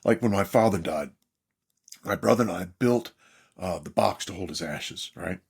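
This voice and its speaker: A man's voice: sits low, normal speed, creaky, slightly rough. An older man, a therapist and author, speaking as a podcast guest in an emphatic storytelling manner. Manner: animated, emphatic storyteller, mimics others in quotes.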